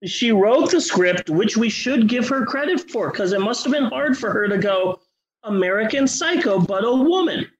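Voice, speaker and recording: A man with a rather high voice riffs sarcastically on a bad movie, cursing freely. His pitch jumps all over the place as he tells the story. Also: normal speed, hardly any pauses, dull audio. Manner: profane, sarcastic, animated storytelling. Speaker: podcast co-host. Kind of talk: casual comedic movie-review podcast chat.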